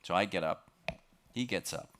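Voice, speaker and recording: Expedition lecturer, male, French accent, deep voice, dramatic motivational storytelling with halting repeats. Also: a bit bright. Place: lecture on a cruise ship.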